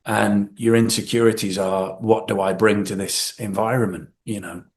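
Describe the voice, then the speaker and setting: Lively man telling stories. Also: on the low side, moderate pace. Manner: animated storyteller, acts out quotes with swearing. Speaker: guest actor. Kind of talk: casual interview chat.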